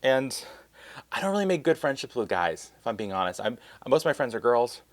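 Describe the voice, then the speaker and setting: A man's voice: mid-range voice, big pitch swings, fairly quick, no echo. A young man telling a casual storytime vlog, rambling and self-mocking, full of filler words. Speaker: vlogger.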